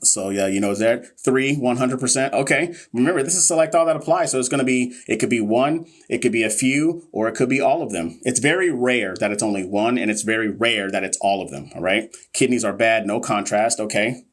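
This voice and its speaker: A man's voice: medium pitch, fairly quick. A man hosting a live nursing exam review, joking with viewers and reading questions casually. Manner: playful, joking, talks straight to viewers. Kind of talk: casual livestream teaching.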